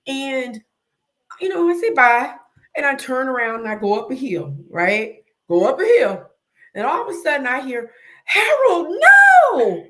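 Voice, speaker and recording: A woman's voice: high-pitched, normal speed. A woman hosting an interview, telling a funny story with lots of laughter and acted-out screams. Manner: lively storyteller, laughs often, acts out her own screams. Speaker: host. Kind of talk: casual interview chat, animated storytelling.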